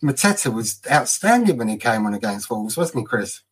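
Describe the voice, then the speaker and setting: A man's voice: mid-range voice, sing-song, a little fast, slightly rough. Chatty storytelling man on a podcast. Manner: chatty storyteller, laughs at his own anecdotes. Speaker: podcast co-host. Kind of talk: casual football podcast chat.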